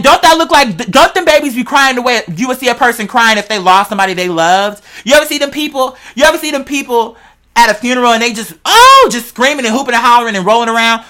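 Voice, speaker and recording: Bright, animated, slangy podcast host. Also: mid-range voice. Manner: animated, rambling, slangy storyteller; profane, speculative, talks straight to listeners. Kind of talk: casual chat.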